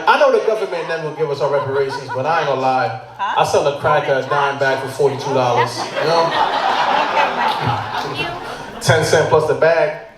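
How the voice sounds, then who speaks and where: Guy from hartford doing stand-up, slangy and loose, fairly high voice. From Hartford, Connecticut. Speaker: stand-up comedian. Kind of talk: stand-up set. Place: brewery bar crowd. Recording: echoey room, noisy bar.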